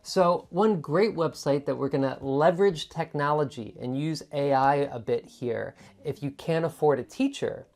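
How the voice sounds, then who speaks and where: Low-voiced woman coaching speaking skills. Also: moderate pace, few pauses, a little mellow. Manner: chatty, demonstrates intonation by repeating words. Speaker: TOEFL tutor. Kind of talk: explaining student sample answers.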